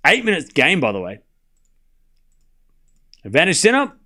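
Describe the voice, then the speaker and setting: A man with a slightly high voice streams a tennis watchalong, calling every shot in rapid live play-by-play. He teases and banters with his chat and bursts into excited shouting on big points.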